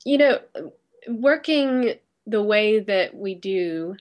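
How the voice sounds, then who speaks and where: A woman's voice: mid-range voice, animated, slow. Hesitant woman chatting on a call. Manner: hesitant with many ums, laughs often. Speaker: interview guest. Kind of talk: casual interview chat. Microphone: video call.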